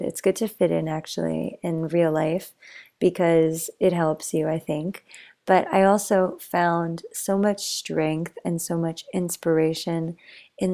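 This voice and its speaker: A young woman chats her way through a meandering bedtime story. Her voice sits low with a gravelly, fry-tinged edge, and she keeps it soft, sometimes slipping almost into a whisper. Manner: rambling, chatty, drifts into tangents; soft, drops to near whisper at times. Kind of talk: casual bedtime story narration.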